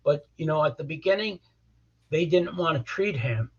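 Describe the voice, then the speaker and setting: A man's voice: a little high, lively intonation, normal speed, slightly rough. An older man, a criminal defense lawyer, telling stories bluntly in an interview, often repeating words as he starts a sentence. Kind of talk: storytelling interview. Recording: dull lo-fi audio.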